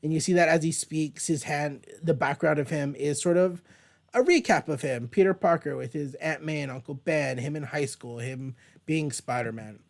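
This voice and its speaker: Casual male comic-review host with a somewhat high voice, chatty and rambling, swears now and then. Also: normal speed, gravelly. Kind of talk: casual page-by-page comic commentary. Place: at home, with a dog nearby.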